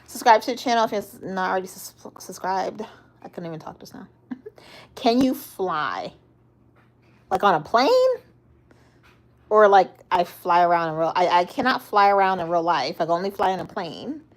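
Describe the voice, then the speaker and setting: A young woman hosts a casual livestream, responding to viewer comments while giggling often and stumbling over her words. Her voice is lowish and moves at normal speed.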